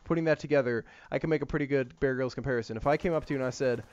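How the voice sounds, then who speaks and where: A man's voice: medium pitch, rapid-fire, a little mellow. A man giving rambling, filler-heavy casual commentary over gameplay as a gaming YouTuber. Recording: slightly muffled lo-fi mic.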